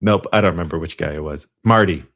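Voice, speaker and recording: A man's voice: low-pitched, quick pace, fairly bright tone. A man casually recapping a movie plot on a podcast, rambling and correcting himself, with frequent laughs. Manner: rambling, self-interrupting, laughs often. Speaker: podcast co-host.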